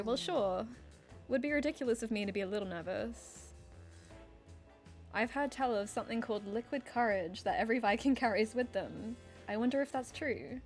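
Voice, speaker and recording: A woman's voice: on the high side, natural voice. Woman doing a giggly anime town girl. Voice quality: giggly, coy and sing-song.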